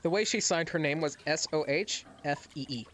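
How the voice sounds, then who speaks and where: A man running a tabletop game as game master, talking casually and pausing to recall details. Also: a little high, a bit bright, a little hiss or hum.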